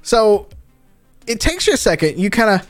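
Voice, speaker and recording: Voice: medium pitch, very animated, moderate pace, no echo, faint music behind. Rambling tabletop game master. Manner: loose and rambling, many fillers and restarts.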